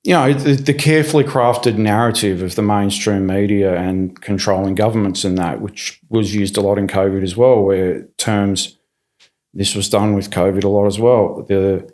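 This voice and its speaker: Man, lowish voice, casual storytelling, animated, acts out quotes, restarts sentences, studio podcast. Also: moderate pace. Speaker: podcast guest.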